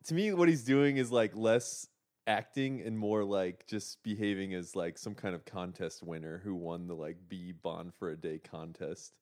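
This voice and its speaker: A man's voice: deep voice, fairly even intonation, normal speed, darkish tone. A man co-hosting a casual movie podcast, sardonic and filling his sentences with "like". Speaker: podcast co-host.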